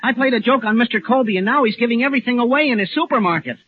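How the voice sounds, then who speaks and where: An actor playing a harried comic lead with exasperated, quick reactions in 1940s radio sitcom style. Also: male voice, very high-pitched, slightly rough. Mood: teasing. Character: harried comic lead, scheming to fix his mess. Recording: tinny old radio broadcast, loud hiss, studio audience.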